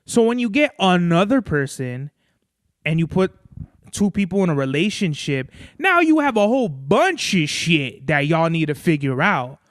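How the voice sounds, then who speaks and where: A man's voice: a little high, very animated, normal speed, no echo, studio quality. A young man, hosting a podcast in loose, profane, rambling casual chat. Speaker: podcast host.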